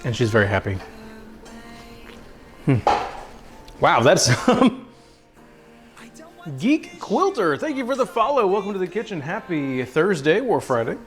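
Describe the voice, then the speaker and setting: A man's voice: high-pitched, very animated, a little slow, pauses often, faint music behind. A man hosting a cooking livestream from his kitchen, chatting casually and self-mockingly and cooing at his dog. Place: home kitchen.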